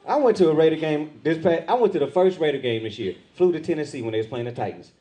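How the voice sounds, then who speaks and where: A man's voice: on the high side, fast talker. A man doing stand-up on a comedy club stage, acting out quoted voices. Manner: animated, acts out quoted voices. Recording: live club with loud crowd laughter. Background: crowd laughing.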